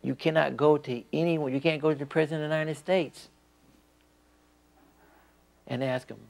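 A man tells a story about his teacher, acting out the quoted lines with energy. His voice has a gravelly edge. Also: fairly high pitch, fairly even intonation, normal speed, long pauses, darkish tone. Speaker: disciple recalling his teacher. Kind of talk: reminiscing interview.

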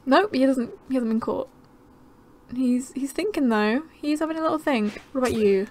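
A young woman giving casual, excitable gameplay commentary, gasping and chattering to the creatures on screen. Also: sits high, normal speed, a little hiss or hum. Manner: bubbly, gasping, easily excited. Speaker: gaming channel host.

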